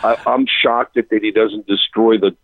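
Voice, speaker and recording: A man, a touring rock musician, telling an animated anecdote on a radio interview, breaking off and restarting as he goes. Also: on the low side, moderate pace, no room sound, phone-quality sound. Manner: animated, self-interrupting, chuckling storyteller.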